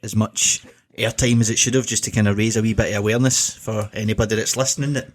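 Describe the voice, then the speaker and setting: A man's voice: lowish voice, steady tone, fast. Male co-host, young, dry and laid-back. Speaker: podcast co-host. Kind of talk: casual banter.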